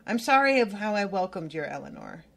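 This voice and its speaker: A woman voicing a wistful, tipsy immigrant mother who speaks soft, halting, broken English, read aloud from a novel. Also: medium pitch, big pitch swings, gravelly. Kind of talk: audiobook-style reading aloud.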